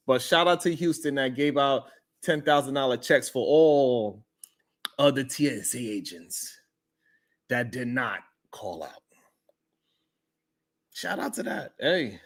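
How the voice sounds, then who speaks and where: A man hosting a casual morning livestream, greeting viewers and laughing often. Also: mid-range voice. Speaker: morning show host.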